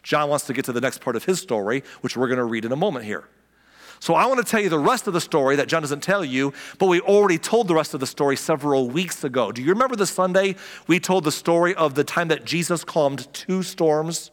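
A man's voice: on the high side, lively intonation, fast. Man preaching casually in a reverberant hall. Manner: conversational, acts out the characters' lines. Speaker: pastor. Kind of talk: casual sermon.

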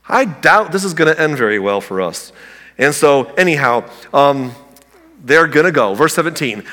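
Male pastor, conversational sermon, bright tone, big reverberant church hall. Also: mid-range voice. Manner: conversational and humorous, with frequent restarts. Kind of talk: sermon with verse-by-verse Bible teaching.

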